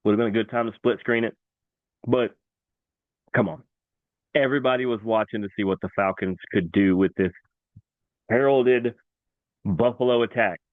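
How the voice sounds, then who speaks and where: A man hosting a casual sports talk show, excitable and animated, repeating himself for emphasis. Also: fairly low pitch, moderate pace, long pauses, no room sound. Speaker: sports podcast host. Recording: dry, tinny phone-like sound.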